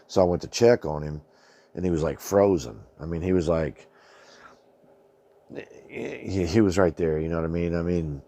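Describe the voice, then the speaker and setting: A man's voice: low-pitched, normal speed, warm tone. A middle-aged man telling a personal story in a rambling, colloquial way, swearing freely and often saying "man". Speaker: channel host. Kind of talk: casual storytelling monologue.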